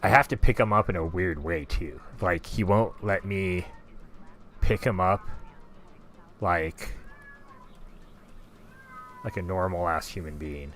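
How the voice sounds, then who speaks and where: A man's voice: low-pitched, slow pace, pauses often, a bit bright, faint music behind. A man chatting casually and rambling while he paints live, now and then cooing at his cat. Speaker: digital artist streaming.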